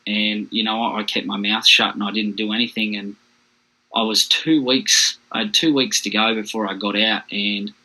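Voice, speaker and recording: A man's voice: on the low side, steady tone, moderate pace, pushed and bright, low-quality recording. An Australian man, a podcast guest, telling his own hard story in a frank, plain-spoken way. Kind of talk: candid personal storytelling.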